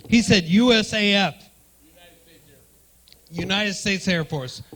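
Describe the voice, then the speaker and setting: A brash, profane male stand-up comic with a high, bright voice that cuts through the room. He roasts the front row, talking into a handheld stage mic in a comedy club. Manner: brash, profane crowd work.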